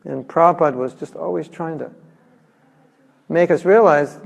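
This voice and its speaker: A man's voice: on the high side, normal speed, gravelly. A man giving a spiritual class, talking in a casual, humorous way and acting out little quotes. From United States. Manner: conversational, humorous, acts out quotes. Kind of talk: lively scripture lecture. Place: large temple hall. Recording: reverberant hall.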